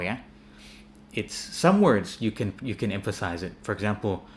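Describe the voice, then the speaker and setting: A man teaching English pronunciation in a relaxed, repetitive style, often checking in with "yeah?". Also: on the low side, moderate pace, slight background noise. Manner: relaxed, repeats words and asks "yeah?" often. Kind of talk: casual spoken lesson.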